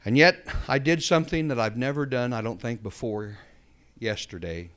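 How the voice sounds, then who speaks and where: A man's voice: medium pitch, normal speed, a bit bright. A man preaching a sermon, telling a story and then building to fervent emphasis. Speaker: pastor.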